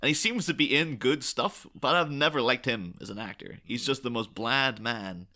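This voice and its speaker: A young man hosting a casual movie podcast, animated and laughing often as he chats. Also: medium pitch, normal speed. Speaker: podcast host.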